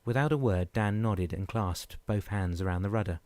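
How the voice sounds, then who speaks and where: Low-voiced male audiobook narrator. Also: normal speed, a little mellow, dry recording. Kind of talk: scripted narration.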